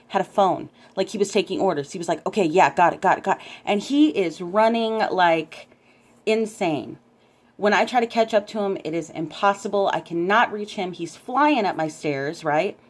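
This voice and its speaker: A woman telling a story to her camera in a casual, animated way, often checking in with "right?". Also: mid-range voice, normal speed. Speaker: vlogger recounting a dream.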